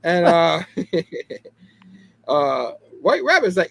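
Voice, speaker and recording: A man with a high, lively voice that jumps all over the place hosts a relaxed talk show. He chats in a loose, animated way, laughs easily and keeps checking in with "you know what I mean". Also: normal speed. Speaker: comic book review show host. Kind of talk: casual chat.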